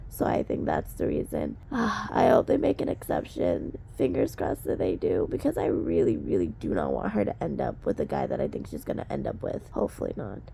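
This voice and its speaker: A sick woman vlogger with a hoarse, drowsy voice, chatting casually. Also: rumbling low, huge pitch swings, brisk, few pauses, mellow, slight background noise. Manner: drowsy, croaky talk. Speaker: book vlogger. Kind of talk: casual vlog chat.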